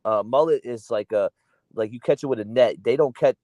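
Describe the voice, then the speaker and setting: A South Florida man with an accent that sits between East Coast and Southern, talking in a loose, profane ramble. His middle-pitched voice is dry and close, with no room sound around it. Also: brisk, dark tone, no room sound. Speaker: podcast co-host. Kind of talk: casual livestream chat.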